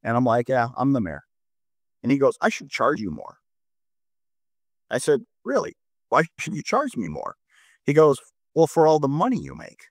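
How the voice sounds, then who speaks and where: Halting, storytelling mayor, a man. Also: mid-range voice, huge pitch swings, no echo, studio quality. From North Dakota. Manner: halting, repeats words, tells stories. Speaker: mayor, guest. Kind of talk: casual discussion.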